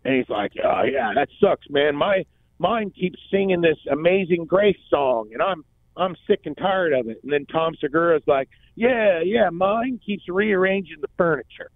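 Radio co-host, man, retells comedy bits with lively voices, thin phone-like sound. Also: fairly high pitch, moderate pace, no room sound. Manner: animated storyteller, acts out quotes. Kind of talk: casual radio talk. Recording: tinny phone-like band, dry.

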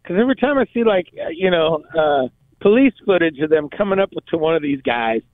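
Higher-voiced man on a tinny line. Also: sing-song, brisk, dry recording. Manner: loose, filler-heavy questions. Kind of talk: casual chat. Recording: tinny phone-like sound.

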